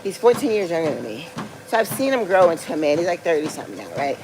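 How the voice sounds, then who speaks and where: A woman's voice: on the low side, big pitch swings, quick pace, noisy background. A woman in her forties telling a personal story in a casual livestream, rambling with lots of fillers and laughing as she talks. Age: 40s. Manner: rambling, filler-heavy, laughs through talk. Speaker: vlogger.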